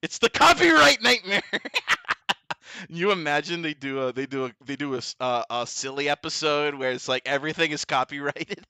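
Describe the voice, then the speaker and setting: A man hosting a casual stream chat, goofy and profane, his voice hoarse. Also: fairly high pitch, fairly even intonation, normal speed, bright, forceful tone, no echo, clean studio sound. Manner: goofy, profane, laughs often. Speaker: vtuber host.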